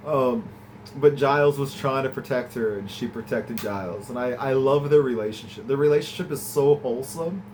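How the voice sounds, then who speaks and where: A man hosting a podcast, recapping and reviewing an episode in a casual, enthusiastic way, laughing often and letting his pitch jump up when he gets excited. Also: slight background noise, rough recording. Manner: chatty and enthusiastic, laughs often, swings from low to high pitch.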